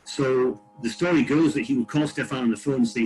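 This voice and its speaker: A man at an ordinary middle pitch tells a long winery story on a video call. He speaks from outdoors in a vineyard. He rambles, with frequent fillers and restarts. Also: fairly quick, few pauses, a little mellow, faint music behind, low-quality recording. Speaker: winery panelist. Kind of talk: casual video-call chat. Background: tractor passing.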